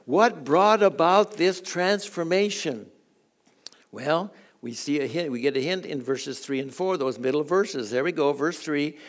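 An older man giving a folksy sermon, telling chuckling personal stories and reading scripture with halting restarts. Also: on the high side. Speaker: guest preacher.

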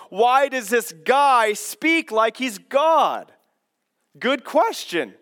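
A man preaching a sermon as pastor, teaching in an animated way and posing rhetorical questions to his listeners. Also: extremely high pitch, very slow.

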